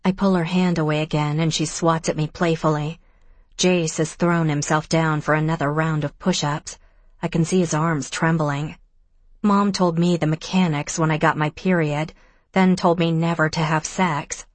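Low-voiced woman reading a novel. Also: fairly even intonation, moderate pace, no echo. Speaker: audiobook narrator. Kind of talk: first-person novel narration with character voices.

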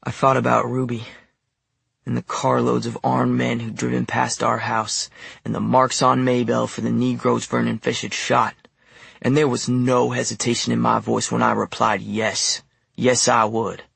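A man with a deeply gravelly, husky voice narrates a first-person audiobook story in a quiet, even, low-key manner. His pitch stays flat and level at a moderate pace. The studio recording is dry and close, with no room sound.

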